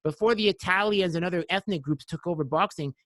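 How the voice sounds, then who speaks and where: A man's voice: sits high, fast talker, a bit bright, no room sound, clean studio sound. A man hosting a podcast, chatting casually and rambling while quoting other people. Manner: rambling, quotes people in voices. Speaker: podcast host. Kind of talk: casual chat.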